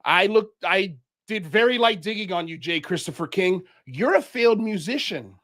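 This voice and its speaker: A man's voice: sits high, expressive, normal speed, bright, forceful tone. A man from Miami hosting a livestream, ranting in heated commentary as he calls people out. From Miami, United States. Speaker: show host.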